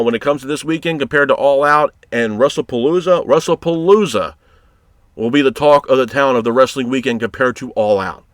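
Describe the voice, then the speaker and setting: A man's voice: mid-range voice, fairly bright tone, dry recording. Guy ranting about wrestling booking, swearing a lot, fired up, dry close mic. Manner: profane, exasperated, heated. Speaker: wrestling show reviewer. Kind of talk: ranting commentary.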